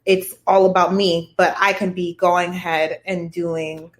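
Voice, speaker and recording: Woman, podcast co-host, casual chat, animated, asks listeners questions. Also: lowish voice, a little slow. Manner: animated, talks to listeners directly.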